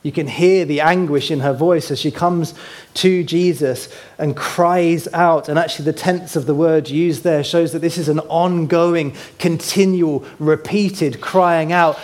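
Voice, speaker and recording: A man's voice: a little high, steady tone, unhurried, a little mellow. A man preaching a sermon in a conversational way, asking his congregation questions and pointing them to a map. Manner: points to a map while teaching.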